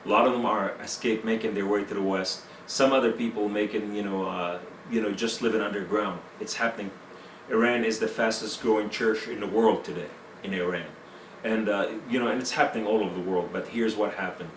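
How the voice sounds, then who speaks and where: Talking a little fast in a steady, fairly low voice, a male interview guest shares his personal testimony in broken English full of fillers. He's recorded from a distance in an echoey room with slight background noise.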